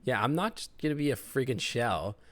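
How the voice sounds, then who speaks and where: A man's voice: medium pitch, animated, fairly quick, a bit bright, no room sound, natural voice. A man reading as a defiant young cat woman.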